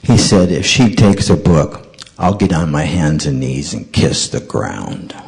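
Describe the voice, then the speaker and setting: Animated male storyteller giving a talk. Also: rumbling low, measured pace, gravelly. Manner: animated storyteller acting out dialogue. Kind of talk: storytelling sermon.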